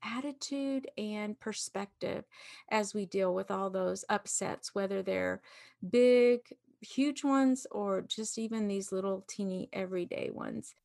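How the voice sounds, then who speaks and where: A woman's voice: medium pitch, fairly even intonation, a little slow, gravelly, no echo, clean studio sound. Earnest woman talking about gratitude. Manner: earnest, reflective, repeats phrases for emphasis. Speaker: podcast guest. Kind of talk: faith-based conversational talk.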